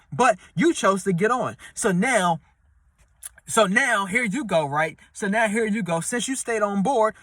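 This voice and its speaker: Bright-voiced man giving slangy relationship advice. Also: dry recording. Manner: slangy, repetitive, street-talk delivery; acts out quoted voices in a high pitch. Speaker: advice vlogger. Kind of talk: casual advice monologue.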